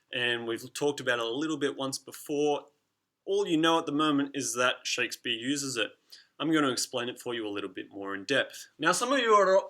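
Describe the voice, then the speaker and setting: A young teacher talks his class through a lesson in a chatty, teasing way, beating out rhythms as he goes. His voice is bright and forward and sits a little high for a man. The delivery is relaxed and friendly throughout.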